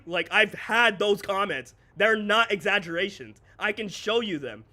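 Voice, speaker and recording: High, bright-voiced male streamer ranting. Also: expressive. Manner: candid, ranting, swears freely, quick laughs. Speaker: streamer and content creator. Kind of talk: casual livestream chat.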